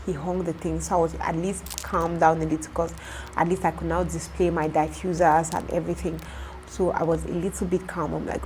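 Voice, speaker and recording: A young woman with a Nigerian accent, a vlogger and shop owner telling an exasperated story in casual talk, breaking into loud outrage. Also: deep voice, little pitch movement, fairly quick, slight background noise, low-quality recording.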